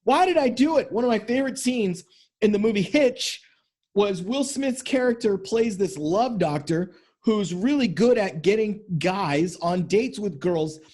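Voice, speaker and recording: A man's voice: high-pitched, measured pace, a little mellow. A man hosting a podcast as a men's coach, talking bluntly and emphatically with lots of swearing. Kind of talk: motivational podcast monologue.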